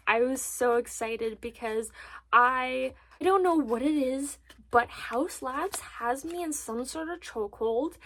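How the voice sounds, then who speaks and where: A woman's voice: on the high side, a bit bright. A woman of twenty-two chatting in a bubbly, gushing way about her makeup purchases as a beauty vlogger. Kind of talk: casual makeup haul chat.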